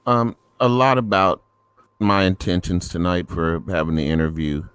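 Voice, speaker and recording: A man hosting an interview who speaks in an earnest, measured, complimentary way. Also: low voice, steady tone, fairly bright tone, clear, resonant tone, no echo. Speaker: interview host. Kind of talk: interview talk.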